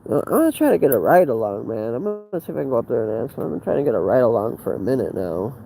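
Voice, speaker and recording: A man rants outdoors into a handheld phone. His voice is gravelly and dark, at a middling pitch. He talks in an agitated, profane ramble that keeps tripping over restarts. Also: big pitch swings, racing, soft background music, low-quality recording. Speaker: livestreamer. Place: outdoors by a fenced facility.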